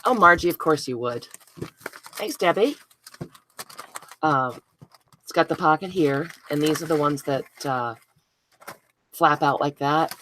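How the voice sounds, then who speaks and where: Chatty low-voiced woman crafting live. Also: unhurried, long pauses, a bit bright, a little hiss or hum. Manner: chatty, self-deprecating, talks to viewers by name. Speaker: craft video host.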